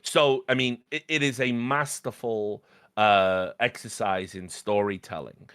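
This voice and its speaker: Halting man in a dry, close recording. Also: on the low side, fairly even intonation, fairly bright tone, clear, resonant tone, dry recording. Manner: halting, stumbling restarts, easy laughs. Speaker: podcast co-host. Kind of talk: casual film review chat.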